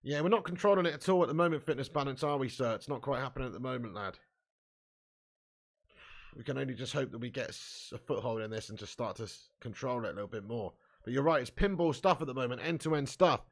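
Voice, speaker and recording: A man hosting a live fan watch-along, commentating excitably, swearing freely and shouting at chances. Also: mid-range voice, fast, creaky.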